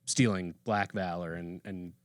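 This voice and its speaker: A man co-hosting a comedy podcast, riffing in a dry, deadpan way during casual chat. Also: sits low, measured pace, no echo. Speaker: podcast co-host.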